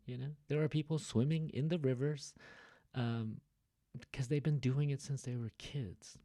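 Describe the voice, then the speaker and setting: A man's voice: medium pitch, a little mellow, dry recording. Chatty male English teacher, dry sound. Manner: chatty, asks rhetorical questions. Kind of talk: recorded reading lesson.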